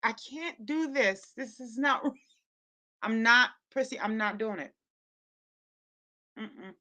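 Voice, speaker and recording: A woman's voice: on the high side, takes it slowly, bright, forceful tone. A woman hosting a casual livestream, talking straight to her chat and scolding viewers in exasperated bursts, with features in her speech. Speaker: livestream host.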